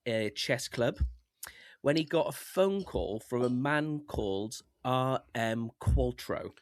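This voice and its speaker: A man, co-hosting a podcast, telling a story in a relaxed, rambling way. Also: medium pitch, takes it slowly, a little hiss or hum. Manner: breezy, rambling, swears casually. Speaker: podcast co-host. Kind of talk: casual chat telling stories.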